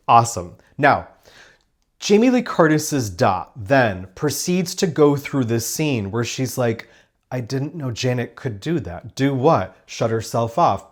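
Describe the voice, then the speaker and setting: Opinionated man reviewing a TV show. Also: mid-range voice. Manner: emphatic and opinionated, acts out quoted lines; sarcastic, dismissive asides. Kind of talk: casual spoken review.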